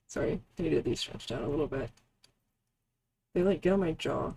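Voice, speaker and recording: A woman streamer reading a story game aloud and cutting in with blunt, profane remarks. Her voice is gravelly with plenty of fry. The tone is dark and mellow. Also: sits low, animated, moderate pace, long pauses, no echo. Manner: blunt, swearing, wry. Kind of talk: casual game streaming and narration.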